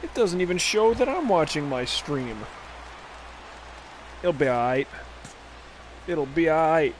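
Speaking at a measured pace in a slightly high, expressive voice, a man rambles through casual commentary on a live game stream. He talks a little louder than normal, curses freely, and keeps wandering from play calls into tangents and random anecdotes. His desk microphone at home picks up a faint hiss under the voice.

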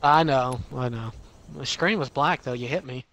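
A man's voice: medium pitch, normal speed, a little hiss or hum. Profane taunting man playing a shooter. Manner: profane, taunting, excitable during fights. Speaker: gamer streaming with a friend. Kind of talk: casual gaming chat.

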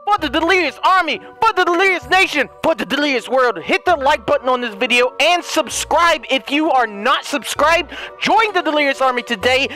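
Hyped young gamer guy yelling over gameplay, bouncy pitch, bright voice, some music behind. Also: moderate pace, hardly any pauses. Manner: hyper, excitable, jokey. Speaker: gaming youtuber. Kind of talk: let's play commentary.

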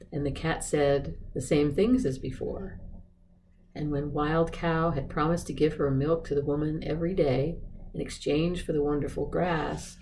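A storyteller reading a classic storybook aloud, calm and rhythmic. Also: medium pitch, a little hiss or hum, low-quality recording. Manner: calm, measured, rhythmic telling.

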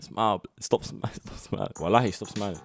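A young man with a British accent trolling strangers on a video chat stream, loud and teasing with plenty of street slang. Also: fairly low pitch, quick pace, faint music behind. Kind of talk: loud prank banter.

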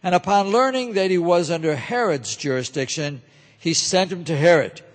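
A man narrating a scripture reading in a steady, solemn way, in a large church. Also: high voice, moderate pace. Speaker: reader. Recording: echoey church hall.

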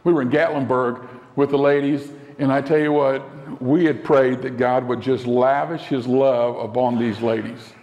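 A male pastor delivering a sermon in an earnest way, slowing down and dropping to a soft voice for emphasis. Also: mid-range voice. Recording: long hall reverb.

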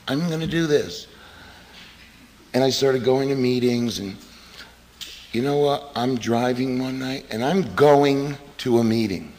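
A middle-aged man sharing his recovery story at a meeting, animated and storytelling, acting out quotes with laughs. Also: medium pitch. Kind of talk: personal recovery talk at a meeting. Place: meeting hall. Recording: reverberant hall recording, faint noise.

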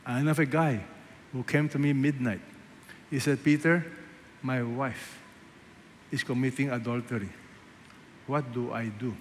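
Pastor preaching in an echoey hall. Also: male voice, mid-range voice, fairly even intonation, unhurried, long pauses, a little hiss or hum. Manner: emphatic preaching, rhetorical questions, swings between loud and hushed. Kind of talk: sermon. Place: large church hall. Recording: echoey church hall, faint ambience.

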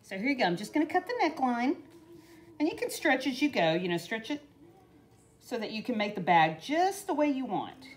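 A woman's voice: on the high side, big pitch swings, a little fast. A middle-aged woman, chatting casually and rambling through a craft tutorial. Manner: chatty, rambling, with frequent "you know" and laughs. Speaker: craft vlogger. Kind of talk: casual DIY tutorial chat.

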